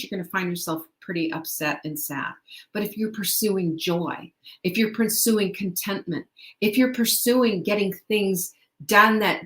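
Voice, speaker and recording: A woman's voice: mid-range voice, fairly bright tone. A middle-aged woman hosting a motivational talk, chatty and upbeat, who laughs often and asks the listener questions. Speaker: host. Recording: echoey room.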